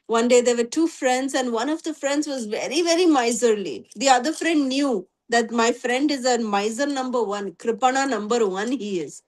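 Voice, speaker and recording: High-voiced woman teacher; relaxed storytelling class talk. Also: moderate pace, few pauses. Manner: conversational, many "you know" fillers. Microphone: video call.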